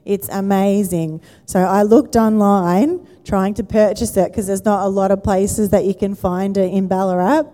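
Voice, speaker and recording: A woman's voice: mid-range voice, fairly even intonation, normal speed, few pauses, warm tone. A woman pastor, giving a conversational sermon and asking the congregation questions. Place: church auditorium. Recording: church hall with long reverb.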